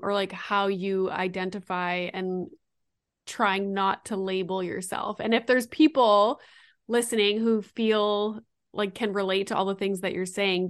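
A woman's voice: medium pitch, no room sound, clean studio sound. Chatty woman podcast host. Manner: chatty, says "like" often. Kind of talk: casual chat.

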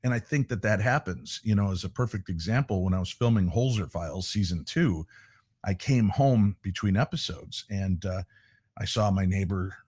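Low-voiced middle-aged man telling stories. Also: moderate pace, slightly rough, dry recording, clean studio sound. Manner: animated storyteller who acts out quoted voices. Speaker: paranormal investigator guest. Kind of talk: casual interview storytelling.

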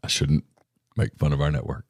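A man from Louisiana co-hosting a casual sports podcast, rambling and self-deprecating, quick to laugh. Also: a bass voice, monotone, husky, no room sound, clean studio sound. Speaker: podcast co-host.

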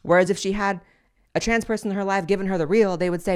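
A woman's voice: medium pitch, steady tone, fast, clean tone. A young adult woman hosting a podcast, giving blunt, crude and sassy commentary on social media clips. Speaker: podcast host.

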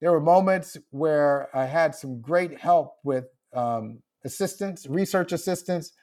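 A man with a fairly high voice talks as an author guest on a podcast, heard over a remote link. He is reflective and openly emotional, and he laughs now and then. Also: unhurried, darkish tone. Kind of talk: podcast interview.

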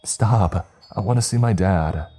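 A man voicing Jenna, a desperate teenage girl in a horror story, pleading and shrill. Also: measured pace, warm tone, husky, soft background music.

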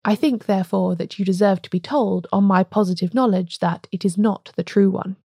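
A woman reading a storybook, voicing a calm, respectful little old male priest. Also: mid-range voice, brisk, creaky, slightly rough, dry recording, studio quality.

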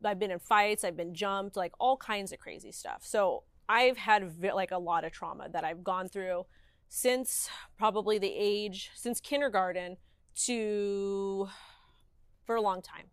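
A woman in her thirties speaks as an interview guest, candid and emphatic. She keeps saying "like" and acts out what others said. Her voice sits at a middle pitch and sounds dry and close, with no room around it. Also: measured pace, clean tone, no echo. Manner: emphatic, animated, heavy use of "like".

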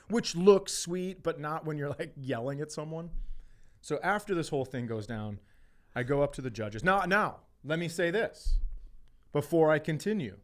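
Animated, profane storytelling man. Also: mid-range voice, measured pace. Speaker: podcast co-host. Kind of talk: casual storytelling chat.

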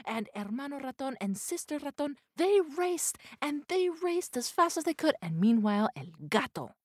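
A woman telling a children's folk tale with lively, expressive narration. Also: medium pitch, measured pace, hardly any pauses, no echo. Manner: animated, expressive, mixing in foreign words. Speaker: storyteller. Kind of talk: children's storytelling.

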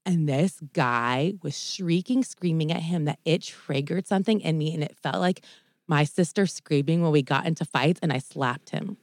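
A woman co-hosting a podcast, telling a story in an animated way with lots of "like" fillers. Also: deep voice, normal speed, no echo, clean studio sound. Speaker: podcast co-host. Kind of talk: casual chat, storytelling.

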